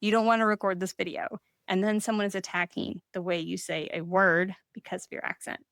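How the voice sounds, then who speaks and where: A woman's voice: medium pitch, little pitch movement, brisk, a bit bright, no room sound, studio quality. A woman with a Southern US accent, co-hosting a podcast and giving casual, earnest advice. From Southern United States. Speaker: podcast co-host.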